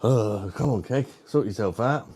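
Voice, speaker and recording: A man's voice: lowish voice, measured pace, dark tone, husky. A man hosting a live stream, reading out viewer comments with crude, matey banter. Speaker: livestream host.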